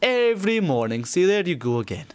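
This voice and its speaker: A young man with a Scottish accent, doing a mock-proud comedy vlog in an exaggerated way that breaks into sudden shouting. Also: sits high, sing-song, brisk, clear, resonant tone, no room sound. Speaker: comedy vlogger.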